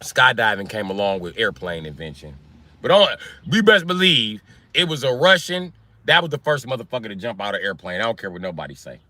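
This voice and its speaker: A man's voice: lowish voice, expressive, fairly quick, sharp tone, no echo. A man, a comedian, rambling through a profane stand-up style rant on his live stream.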